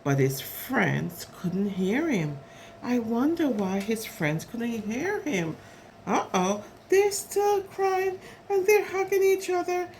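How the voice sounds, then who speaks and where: A woman's voice: a little high, slow pace, a little hiss or hum. A woman reading a picture book aloud to preschoolers, chatting about the pictures as she goes. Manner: animated, chatty, commenting on the pictures. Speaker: storyteller for preschoolers.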